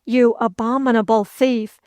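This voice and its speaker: A woman's voice: on the high side, fairly even intonation, unhurried, a little mellow, no echo, clean studio sound, close to an everyday voice. A woman reading an audiobook, voicing a furious young French nobleman who hurls savage, indignant accusations. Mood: enraged.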